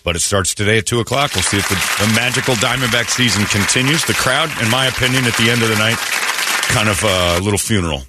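Over a loud crowd and heavy background noise, a fairly low-pitched man talks quickly as a morning radio host. He spins lively stories full of acted-out dialogue, playing both sides, with blunt opinions and the occasional swear word in casual on-air chat.

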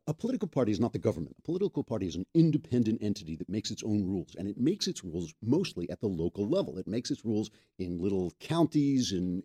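A podcast host with a lowish, warm, slightly rough voice chats casually about politics from a makeshift studio. His manner is wry and joking, with frequent laughter at his own quips.

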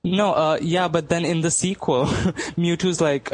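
A man's voice: a little high, fairly even intonation, unhurried. A man chatting casually, playful and laughing often. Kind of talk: casual chat.

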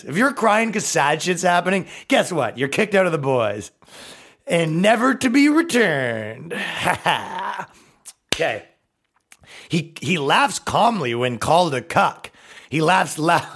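A man's voice: a little high, big pitch swings, measured pace, fairly bright tone. A man hosting a comedy podcast, ranting in a profane, mocking way and slipping into silly put-on voices. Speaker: podcast host.

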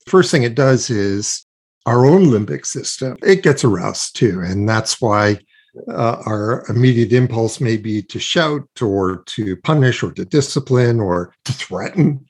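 A man's voice: medium pitch, animated, measured pace, darkish tone, slightly rough. A man speaking as an interview guest, explaining ideas earnestly with examples and rhetorical questions. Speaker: guest expert on child self-regulation.

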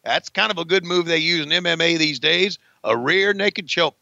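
A man co-hosting a podcast, calling a wrestling match with excitable, profane play-by-play, on a dull lo-fi recording. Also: fairly high pitch, normal speed, vocal fry, no echo. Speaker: co-host and wrestling commentator. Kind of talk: casual podcast match commentary.

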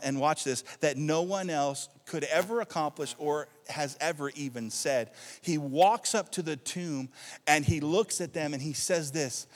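A male pastor preaching a sermon to his congregation, calling out for responses and building excitement. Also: a little high. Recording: long hall reverb.

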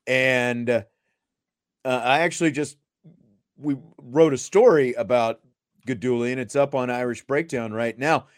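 A man's voice: mid-range voice, fairly even intonation, measured pace, no echo, studio quality. A man hosting a sports podcast, talking casually and rambling with plenty of fillers and restarts. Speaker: podcast host.

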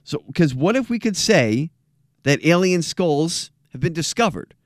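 A man's voice: a little high, big pitch swings, unhurried, no room sound. A man hosting a podcast in casual chat, joking and stressing his points with emphasis. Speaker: podcast host.

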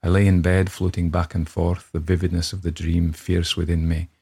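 A brooding Scottish man tells his ghost tale in a low, husky voice, as a man puts the accent on. He reads in a measured, grave storybook manner. The breathy edge to his tone adds weight to every sentence. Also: monotone, warm tone, exaggerated voice. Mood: sombre. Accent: put-on Scottish. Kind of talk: dramatic reading of a ghost story.

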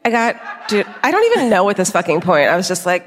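Casual: woman co-host, sweary and joking, pitch swinging all over, echoing theater hall. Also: a little fast. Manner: profane, animated, joking interjections. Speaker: podcast co-host. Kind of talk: live comedy podcast banter on stage. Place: theater stage before a live audience. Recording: long theater hall reverb.

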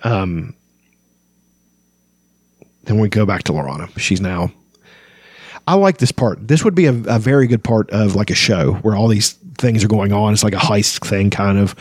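A man reads a fantasy novel aloud and stops to chat about it casually. His voice sits low, and he often hesitates with fillers. The recording is close and dry. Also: lively intonation, normal speed, long pauses, a little mellow, husky, dry recording. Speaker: book podcast host.

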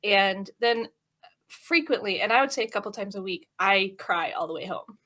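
A woman's voice: mid-range voice, animated, normal speed, sharp tone. Earnest emotional woman chaplain. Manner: earnest, emotional, many fillers. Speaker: hospital chaplain. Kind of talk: interview conversation.

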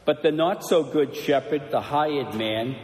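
A man preaching as a priest, telling a story in a slow, measured way before turning it into a lesson for his congregation. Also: fairly high pitch, a little mellow. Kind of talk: sermon. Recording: echoey church with long reverb.

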